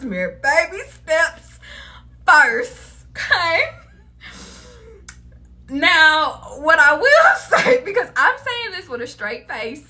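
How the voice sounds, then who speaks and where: A woman giving a casual tarot reading to her viewers, animated, laughing often and cursing freely. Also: extremely high pitch. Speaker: tarot reader.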